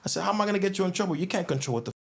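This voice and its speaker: Man, casual storytelling, slangy, quick restarts, voices other people's lines. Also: high-pitched, creaky. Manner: animated, acts out others' lines, slangy, frequent restarts and fillers. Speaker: guest telling a story.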